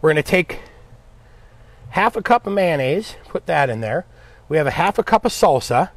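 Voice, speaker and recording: A man's voice: on the high side, lively intonation, moderate pace, no echo. A man hosting a live cooking demo, chatting upbeat with viewers and his helper as he cooks. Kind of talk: live cooking stream, casual chat.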